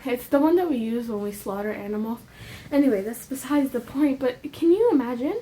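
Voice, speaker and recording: High-voiced young woman, earnest and impassioned. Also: animated, a little fast, warm tone, a little hiss or hum. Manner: earnest, repeats herself with rising emphasis; casual slang asides. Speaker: faith vlogger. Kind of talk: emotional religious monologue.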